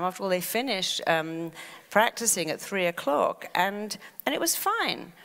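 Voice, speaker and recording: A woman's voice: mid-range voice, lively intonation, moderate pace, creaky, fairly bright tone. A woman giving a motivational stage talk, acting out quoted inner voices. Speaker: speaker. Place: stage in a large hall. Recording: long hall reverb.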